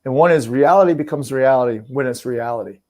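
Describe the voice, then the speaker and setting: Guy talking hockey fast, mid voice, lots of you know and restarts. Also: medium pitch, darkish tone. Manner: earnest, fills talk with "you know" and restarts. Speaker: podcast guest, former hockey player. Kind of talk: casual conversation.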